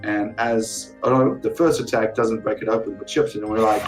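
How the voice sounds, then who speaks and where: Man, low-ish voice, player giving an animated casual recap of the last session. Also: a little fast, hardly any pauses, faint music behind, rough recording. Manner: animated, jumps into high voices for quotes. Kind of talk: casual recap of a tabletop game.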